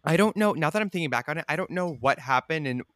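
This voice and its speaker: A man's voice: fairly high pitch, expressive, fast, fairly bright tone, no echo, studio quality. A young man chatting casually with his older brother, playful and self-mocking, often breaking into giggles. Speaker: podcast co-host, younger brother. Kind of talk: casual chat.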